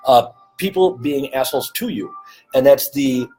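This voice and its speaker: A man co-hosts a loose live-stream Q&A in a blunt, informal way. He swears easily and laughs between points. Faint music sits low behind his voice. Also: animated, moderate pace, mellow, poor audio. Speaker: nutrition coach, co-host. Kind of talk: casual live-stream Q&A chat.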